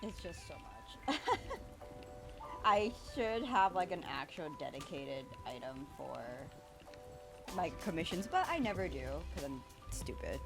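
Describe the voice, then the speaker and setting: A woman's voice: on the low side, sing-song, a little slow, pauses often. Bubbly woman streamer chatting to chat. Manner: bubbly, chaotic, talks to chat. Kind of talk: casual livestream chat while drawing. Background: background music.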